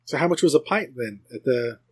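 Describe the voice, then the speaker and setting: A man hosting a podcast, telling rambling stories in a casual, animated chat with many restarts. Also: medium pitch, fairly quick, husky. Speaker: podcast host.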